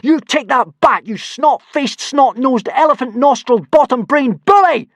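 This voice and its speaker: A man's voice: medium pitch, moderate pace, dry recording, clean studio sound, close to an everyday voice. A man voicing a small, stubborn Viking boy, in a storybook reading. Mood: yelling. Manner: quiet, then yelling insults.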